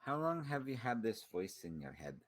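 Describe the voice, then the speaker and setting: A man in a tabletop game who fires off quick, teasing questions. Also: mid-range voice, very animated. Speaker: player. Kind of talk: casual tabletop game chat.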